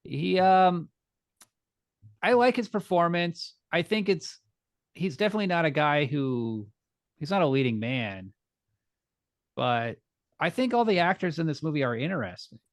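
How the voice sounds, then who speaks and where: Higher-voiced man from New Jersey, dry sound. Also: sing-song, no echo. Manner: measured, pushes back on others. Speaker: podcast co-host. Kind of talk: casual chat.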